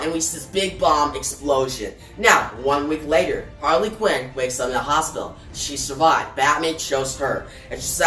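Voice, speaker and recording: A man's voice: a little high, normal speed, hardly any pauses, bright, forceful tone. A man casually recapping a comic book story, chatty and full of fillers like "pretty much" and "right?". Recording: roomy echo, distant from the mic, faint music behind.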